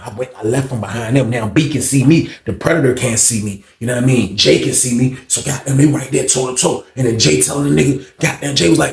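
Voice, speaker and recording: A man telling a prison story in a casual storytime vlog, animated and heavy on slang and profanity. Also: medium pitch, fast talker, creaky, hardly any pauses, echoey room.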